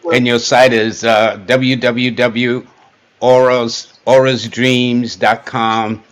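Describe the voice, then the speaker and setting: A man's voice: medium pitch, level tone, slow pace, clear, resonant tone. A man hosting an interview and talking with his guest in a plain, matter-of-fact way. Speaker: host. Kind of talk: casual interview chat.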